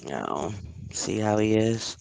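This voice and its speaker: A woman's voice: very deep voice, sing-song, slow pace, vocal fry, darkish tone, dry recording. A woman co-hosting a casual live stream chat, teasing playfully and laughing often while she packs things with tape. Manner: busy packing items with tape while talking.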